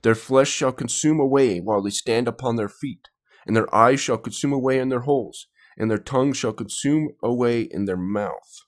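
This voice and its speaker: A man's voice: mid-range voice, moderate pace. Easygoing male reaction host. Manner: agreeable, easygoing. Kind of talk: casual reaction chat.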